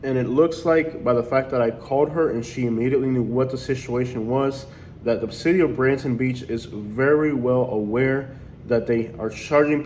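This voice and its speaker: Male vlogger, middle pitch, aggrieved and complaining, faint outdoor noise behind. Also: darkish tone. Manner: indignant, complaining. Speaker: YouTuber. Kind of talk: casual vlog.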